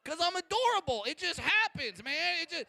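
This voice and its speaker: A man in his twenties doing a loud, brash, profane stand-up routine on a comedy stage. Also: very high-pitched, very animated, normal speed, vocal fry, no echo. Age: 20s.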